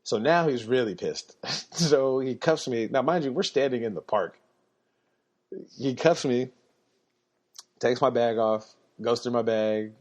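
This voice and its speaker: A man's voice: mid-range voice, measured pace, pauses often. A man telling a story in a laid-back way on a podcast, laughing now and then. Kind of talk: casual storytelling.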